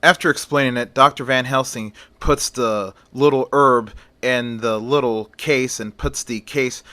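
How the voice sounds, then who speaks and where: A man's voice: medium pitch, steady tone, a little slow, sharp tone, dry recording. A man retelling a story in a loose, conversational way.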